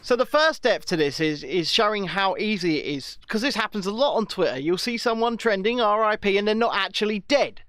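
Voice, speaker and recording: A man with a high voice that leaps up and down as he jokes. His tone is sharp and bright, and the recording is dry and close. He co-hosts a podcast in a mocking, opinionated style. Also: lively intonation, a little fast, few pauses, dry recording. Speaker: podcast co-host. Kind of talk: casual podcast banter.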